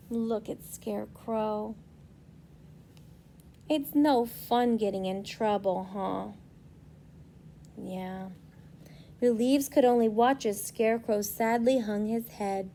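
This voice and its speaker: A young woman, a preschool teacher, reading a storybook aloud to children and gently asking them questions. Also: mid-range voice, slow, pauses often, slight background noise.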